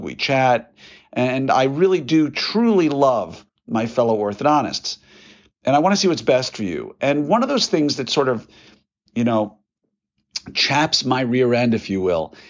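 With the highs cut off, a mid-range male voice comes through as an orthodontist runs his own casual solo podcast. He chats in a folksy manner, working out figures aloud as he goes.

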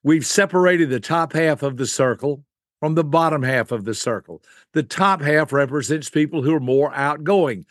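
Older guy teaching personality stuff, lively, slightly high voice, dry close sound. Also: no room sound. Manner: animated, acts out quick voices of types. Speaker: guest, personality expert. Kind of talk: explanatory teaching talk.

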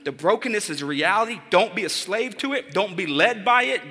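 High bright-voiced man preaching in a hall. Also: brisk, slightly rough, soft background music. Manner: animated preaching, direct appeals to listeners. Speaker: pastor. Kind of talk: sermon. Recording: long hall reverb.

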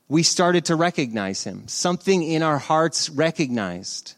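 A man preaching a sermon as the pastor, telling a story in a lively way and slowing down for emphasis. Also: on the high side. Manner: storytelling, animated, slows for emphasis.

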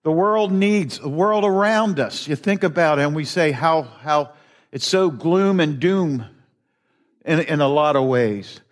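A middle-aged man preaching in a church with a slightly raised voice. He talks slowly and casually, wandering through his thoughts with restarts and small chuckles. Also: a little high. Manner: rambling, folksy, with restarts and chuckles. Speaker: lay preacher. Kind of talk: conversational sermon. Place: church sanctuary.

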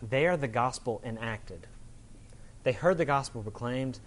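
A man preaching a sermon, earnest, rising for emphasis and dropping low at the ends of his points. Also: lively intonation, a little slow. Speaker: pastor.

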